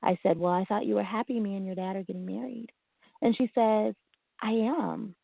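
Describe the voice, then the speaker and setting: A woman's voice: mid-range voice, steady tone, moderate pace, creaky, no echo. A woman in casual conversation, telling a family story and acting out the quotes with laughs. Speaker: guest. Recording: tinny phone-like line.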